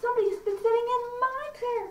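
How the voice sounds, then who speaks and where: A woman's voice: very high-pitched, fairly even intonation, fast talker, darkish tone, pitched above the performer's own voice. A woman voicing the middle-sized bear in a storybook reading, with a lifted voice. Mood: puzzled. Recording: roomy, distant mic, faint ambience.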